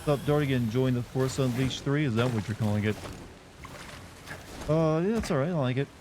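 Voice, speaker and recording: A man's voice: mid-range voice, fairly quick, noisy background. A man chatting casually while streaming a game, rambling and answering his chat. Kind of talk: casual let's-play chat.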